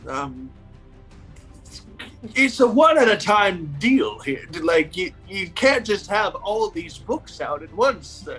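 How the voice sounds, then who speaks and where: A man's voice: on the high side, fairly bright tone, full character voice, low-quality recording. A man voicing a frail old woman pretending to be a librarian, scolding and shrieking.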